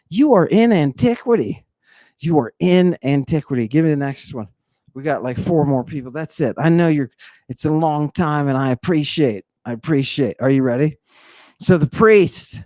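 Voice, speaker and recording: A man's voice: fairly high pitch, darkish tone, no room sound, studio quality. Emphatic male lecturer, rhetorical questions. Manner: teasing, addresses the audience directly. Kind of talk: informal lecture with slides.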